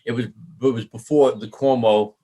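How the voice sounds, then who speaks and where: A middle-aged man from New York, a musician recounting old stories in an interview. He talks in a medium register and slips into other people's voices as he tells it. His delivery is expressive, with frequent laughs. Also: mid-range voice, normal speed. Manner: animated storyteller, acts out quoted voices, laughs often. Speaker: guest musician. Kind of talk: storytelling interview.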